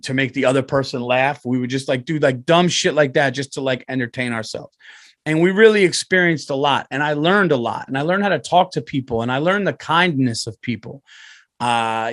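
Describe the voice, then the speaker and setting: A man, telling a rambling, profane story on his podcast and loudly acting out other people's voices. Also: medium pitch, dry recording, clean studio sound. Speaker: comedian and podcast host. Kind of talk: casual storytelling.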